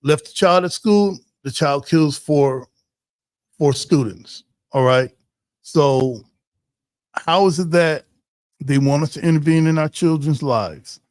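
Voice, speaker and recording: A man's voice: fairly high pitch, slow, pauses often, darkish tone, no echo. Host, male, easygoing livestream chat, loose and rambling, dry close sound. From Ohio. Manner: loose and joking, many fillers and restarts. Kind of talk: casual livestream chat, reading viewer comments.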